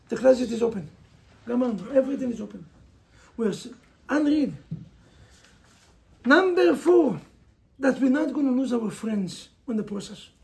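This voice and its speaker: A man's voice: extremely high pitch, gravelly, warm tone. A man with an Israeli accent, a native Hebrew speaker, giving an emphatic motivational sermon as a rabbi and pressing listeners with rhetorical questions.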